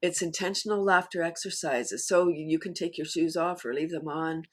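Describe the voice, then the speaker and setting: A woman guest in a casual interview, talking enthusiastically and laughing often as she explains. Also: normal speed. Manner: animated storyteller, bursts higher and louder when excited. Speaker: guest, laughter yoga teacher.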